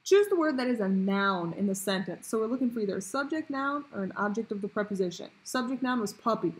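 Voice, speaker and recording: A woman teacher talking pupils through a grammar worksheet in a clear, patient question-and-answer way. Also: medium pitch, expressive, fast talker, low-quality recording. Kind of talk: recorded grammar lesson for pupils.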